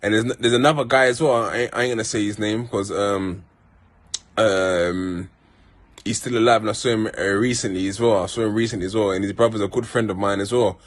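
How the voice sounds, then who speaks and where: A vlogger from Peckham in South London, with a South London accent and a fairly low, fairly quick voice of fairly even intonation. His casual monologue is full of rambling, heartfelt stories, street slang and restarts.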